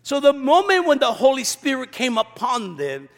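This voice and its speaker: In a large church with long reverb, a male pastor with a high voice reads scripture, then preaches with pointed, sarcastic asides. His pitch swoops wildly at a normal speed, and he raises his voice to act out quoted lines.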